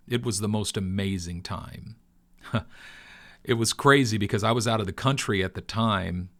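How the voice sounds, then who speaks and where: A middle-aged man, host of his own channel, talking earnestly in a preacher-like way with long pauses, telling a personal story. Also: fairly low pitch. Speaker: crypto video host. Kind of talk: heartfelt personal talk.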